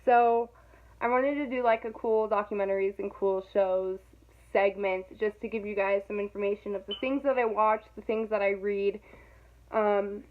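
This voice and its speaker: A young woman vlogging casually to camera, animated and dramatic, laughing often and mocking her own overreacting. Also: mid-range voice, normal speed. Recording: tinny phone-like sound.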